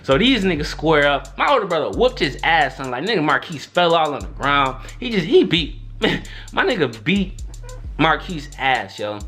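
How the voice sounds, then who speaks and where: A man's voice: moderate pace, faint music behind. A young man vlogging a storytime in a loose, slangy way, acting out what others said with big jumps in his voice. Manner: animated, slangy, acts out quotes with big pitch jumps. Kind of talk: storytime monologue.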